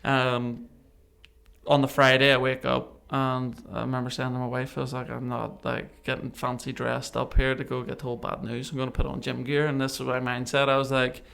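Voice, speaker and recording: Male guest, gravelly, mid pitch, animated storyteller. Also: normal speed. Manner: animated, acts out remembered dialogue. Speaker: podcast guest. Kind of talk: casual storytelling interview.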